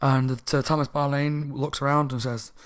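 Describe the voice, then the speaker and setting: A man in mid-range pitch talks through a book's plot in a loose, chatty way, a little tipsy and prone to stumbling over his words. He circles back, corrects himself and keeps things informal. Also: flat delivery, moderate pace, smooth. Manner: rambling, chatty, self-correcting. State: slightly drunk. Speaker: book reviewer, channel host. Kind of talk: casual spoken book recap.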